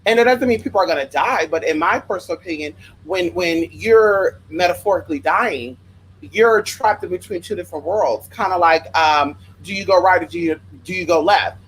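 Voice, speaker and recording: A spiritual worker telling rambling stories to viewers in a sassy, profane, animated way, often drifting into side tangents. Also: normal speed, slight background noise, low-quality recording. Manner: profane, sassy and animated, with big pitch swings. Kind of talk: casual storytelling to viewers.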